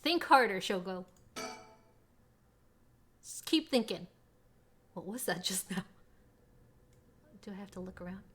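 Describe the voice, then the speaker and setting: A woman streaming a horror game, reading the dialogue aloud and reacting dramatically. She swings between hushed whispers and sudden yelps. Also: medium pitch, animated, unhurried, pauses often, a little hiss or hum.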